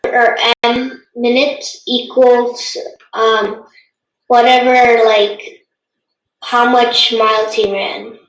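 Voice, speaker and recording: A woman's voice: fairly high pitch, little pitch movement, drawn-out words, roomy sound, poor audio. A tired female student answering algebra questions on a video call, hesitant and correcting herself. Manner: hesitant, with fillers and self-corrections. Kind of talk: answering in a tutoring session.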